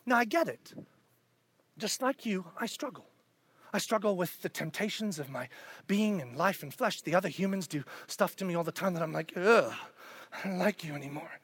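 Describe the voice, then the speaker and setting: Preaching in a high, animated voice with a breathy edge at normal speed, a male pastor asks his congregation questions in a conversational sermon. He shifts between loud emphasis and near-whispers.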